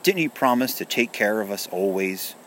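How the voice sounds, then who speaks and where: A man's voice: on the low side, lively intonation, moderate pace, a bit bright, a little hiss or hum, voice pushed up, rough recording. A man voicing a chipped toy soldier, proud and bitter, complaining in a storybook reading. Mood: resentful. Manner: complaining, resentful.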